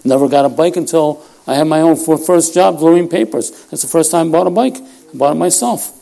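A man's voice: on the high side, steady tone, fast, creaky, warm tone. A man in his fifties of Puerto Rican heritage preaches in a church, praying and then telling stories about himself. He is folksy and self-deprecating, often laughing as he talks. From Puerto Rico heritage. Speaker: lay preacher. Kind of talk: sermon with storytelling.

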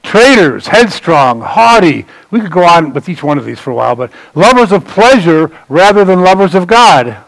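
A man preaching a sermon in a loose, conversational way, bantering with the congregation and swinging from loud emphasis to quiet asides. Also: sits high, sing-song, moderate pace, creaky, hardly any pauses, no echo, rough recording. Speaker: pastor.

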